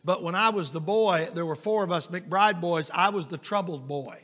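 A middle-aged man preaching a sermon as an evangelist, telling folksy stories and rising to loud, emphatic peaks. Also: high voice, moderate pace. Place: church sanctuary. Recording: long church reverb.

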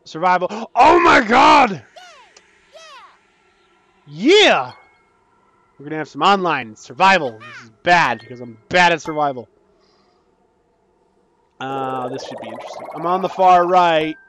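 A young man giving casual, excitable commentary while playing a game, breaking into panicky outbursts and joking about his own skill. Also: a little high, normal speed. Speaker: gaming YouTuber.

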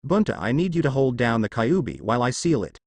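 A man's voice: medium pitch, big pitch swings, fast talker, no echo. A man voicing a young male ninja leader and grieving father in a fanfiction audiobook reading, earnest and tender. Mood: commanding.

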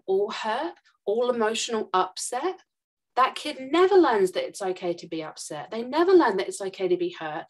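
Woman, podcast guest, quick emphatic explainer. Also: a little high. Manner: fast, emphatic explaining with acted examples. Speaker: podcast guest, trauma expert.

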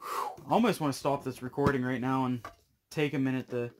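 A man's voice: medium pitch, fairly even intonation, a little fast, noisy background. A man opening trading card packs on camera, talking to his viewers in a breathless, exclamatory way. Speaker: card collecting YouTuber. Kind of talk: casual pack-opening vlog.

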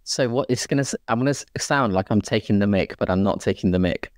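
Low-voiced joking man. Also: fast, no room sound, clean studio sound. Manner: joking, plain-spoken. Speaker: co-host. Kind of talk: casual Q&A chat.

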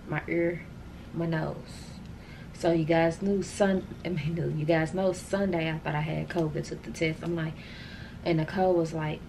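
Woman vlogger, loose rambling talk to camera, slightly low pitch, a faint hiss behind her. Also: vocal fry. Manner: chatty, rambling, addresses viewers as y'all. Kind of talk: casual chat to camera.

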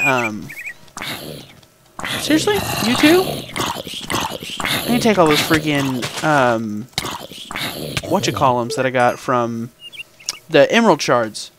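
A man narrates his own gameplay in an unhurried, bouncy voice that leaps up and down in pitch. He mutters to himself, hums little sound effects and talks back to the game. Mouse and keyboard clicks and steady background noise come through the recording. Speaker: gaming channel host. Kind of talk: casual gameplay commentary.

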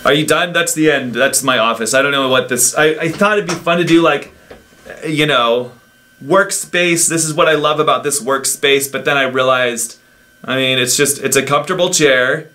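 A man's voice: mid-range voice, normal speed, bright, forceful tone, slight background noise. Chatty man rambling about his desk. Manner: rambling, chatty, self-interrupting. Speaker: vlogger. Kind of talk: casual unscripted vlog. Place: home office in a house in the woods. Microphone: desk microphone.

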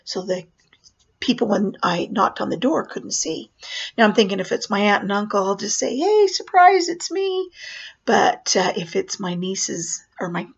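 Husky gravelly lady telling a clown story slow, whispers bits, dull lo-fi sound. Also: mid-range voice. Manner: animated, acts out voices and drops to whispers. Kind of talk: personal storytelling.

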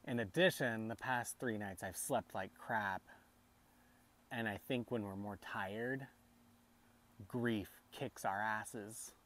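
Slow, halting grieving father. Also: lowish voice. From United States. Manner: soft, halting, tearful speech with many restarts. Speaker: vlogger and father. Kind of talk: emotional personal vlog.

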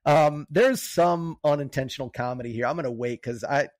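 A man's voice: mid-range voice, normal speed, no echo. A man co-hosting a movie podcast in loose, chatty talk that speeds up in bursts. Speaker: podcast co-host. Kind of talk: casual movie chat.

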